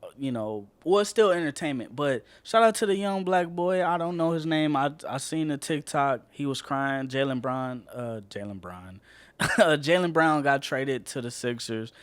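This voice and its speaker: A man's voice: mid-range voice, animated, normal speed, smooth, no echo. A man co-hosting a casual podcast, ranting passionately and swearing a lot. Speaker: podcast co-host.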